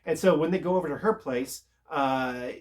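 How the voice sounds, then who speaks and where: A man casually recapping a TV episode, rambling and halting with lots of filler words. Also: fairly high pitch. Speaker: TV show reviewer.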